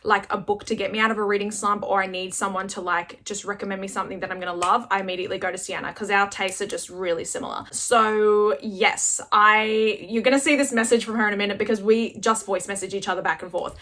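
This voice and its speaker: A woman's voice: mid-range voice, fairly even intonation, fast, hardly any pauses, sharp tone. A woman with an Australian accent, chatting to camera as a book vlogger in a bubbly, gushing way. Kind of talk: casual chat to camera.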